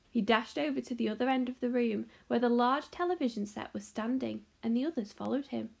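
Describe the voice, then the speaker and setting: Teacher lady reading a kids' book, high voice, bit of gravel in it. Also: fairly quick. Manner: expressive, animated reading. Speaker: teacher reading a class novel. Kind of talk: storybook read-aloud.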